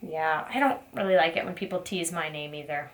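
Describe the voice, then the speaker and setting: A woman teaching a preschool circle time, asking gentle questions in a sing-song teacher voice. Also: low-pitched, fairly quick, noisy background. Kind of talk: circle time lesson for young children.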